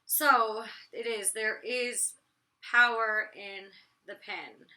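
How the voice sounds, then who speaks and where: A young woman with a raspy voice and a very sharp, tense tone, pitched a little high. She talks in a chatty, blunt vlog style, slangy and loose with mild cursing. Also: fairly even intonation, drawn-out words. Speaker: reality TV personality reviewing her episode. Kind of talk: casual vlog commentary.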